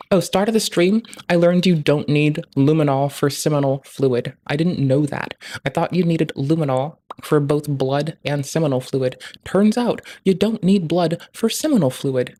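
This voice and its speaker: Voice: moderate pace, few pauses. Foul-mouthed ranting streamer. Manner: profane, ranting, crude jokes; rising loud and high in outbursts. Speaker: livestreamer. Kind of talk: casual stream commentary.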